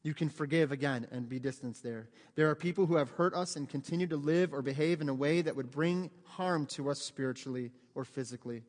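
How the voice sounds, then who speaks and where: A man's voice: fairly high pitch, fairly quick, hardly any pauses, darkish tone. A middle-aged man from the United States, a pastor preaching a sermon in an earnest, pleading way that builds to emphatic peaks. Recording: long church hall reverb.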